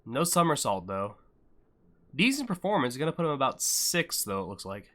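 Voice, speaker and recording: Young male stream host; bright, punchy tone, loose joking commentary, pokes fun at himself. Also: medium pitch, big pitch swings, moderate pace. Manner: joking banter with chat, self-deprecating. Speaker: livestream host and event commentator. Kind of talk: casual live-stream commentary.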